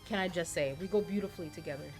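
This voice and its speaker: A woman's voice: lowish voice, rapid-fire, a little mellow, faint music behind. A woman streamer chatting casually and playfully with her viewers. She sounds a little tired and often repeats words as she restarts.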